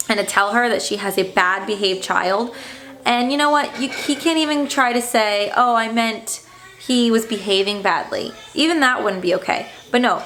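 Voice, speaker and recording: Young mom vlogging, indignant storytime, lots of ums, mid-pitched voice. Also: female voice, fairly bright tone. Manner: upset, indignant retelling with fillers. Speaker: stay-at-home mom vlogger. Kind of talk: casual storytime vlog.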